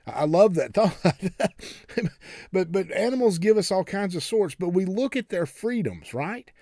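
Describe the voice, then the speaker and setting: A man from the United States preaches in a folksy, easygoing way, stumbling into restarts and repeating words as he talks. He slows right down to lean on key phrases. His voice is warm, sits a little high for a man, and is recorded dry and close. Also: expressive, no room sound. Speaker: pastor. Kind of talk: sermon.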